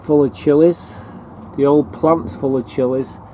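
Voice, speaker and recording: A man's voice: on the high side, fairly even intonation, measured pace, background noise. A man, chatting casually and rambling through fillers as he walks a tour of his allotment garden. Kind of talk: casual walking tour narration. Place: outdoor allotment garden in a town.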